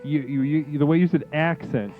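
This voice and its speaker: A man with a Chicago accent runs a comedic call-in chat with a slightly raised voice. He rambles and trips over repeated words. The sound is thin and phone-like with soft music underneath. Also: on the high side, steady tone, normal speed. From Chicago area, US. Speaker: host of a call-in stream. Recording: tinny phone-like audio, faint music.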